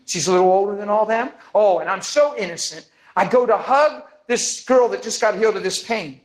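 A man preaching a sermon, telling a story with lively energy and acting out the people in it. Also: high-pitched, a little fast, poor audio. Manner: animated, acts out the people in his stories.

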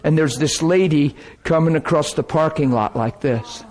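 Animated storytelling preacher, a man. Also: on the high side, normal speed. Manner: animated storyteller, laughing and emotional. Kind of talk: storytelling sermon.

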